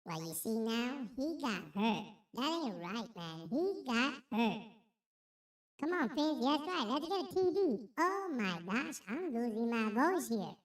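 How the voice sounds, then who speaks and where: A man putting on a high-pitched excited voice, whooping and chanting fan cheers. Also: unhurried, echoey room, recorded from a distance, full character voice. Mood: cheering.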